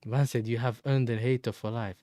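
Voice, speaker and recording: A man's voice: mid-range voice, fairly even intonation, fairly quick, warm tone, no echo, clean studio sound. A man hosting a football fan livestream, bantering in slang and answering chat messages. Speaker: football fan channel host.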